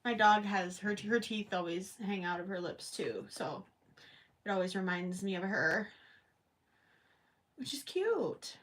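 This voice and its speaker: A woman's voice: medium pitch, animated, a little slow, pauses often, a bit bright. A woman hosting a crochet livestream at home, rambling and thinking aloud as she works and chats with viewers. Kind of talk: casual chat while crocheting, reading live chat.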